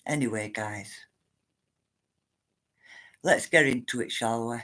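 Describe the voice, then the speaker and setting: A woman with a very deep, slightly bright voice speaks slowly while hosting a casual livestream chat. She greets viewers by name and goes off on the occasional rant.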